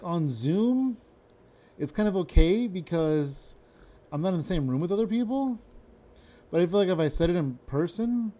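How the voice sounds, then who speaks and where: A young adult man who does stand-up comedy rambles casually on his solo podcast, slurring his words and swearing freely. His voice is on the high side and mellow.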